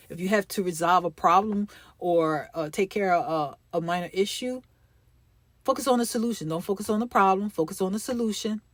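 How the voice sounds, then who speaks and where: A woman's voice: mid-range voice, dry recording. A woman gives a faith-based motivational talk on her podcast, pressing each point with emphatic, encouraging repetition. Her voice sits in a middle range. The recording is dry and close, with no room sound. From United States. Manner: emphatic, encouraging, repeats key phrases. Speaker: podcast host.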